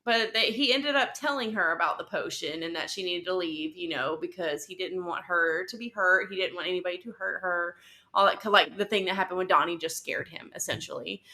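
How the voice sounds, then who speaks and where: Bright-voiced woman podcast host. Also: lowish voice, fairly quick. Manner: animated storytelling with acted-out quotes. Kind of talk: casual book chat.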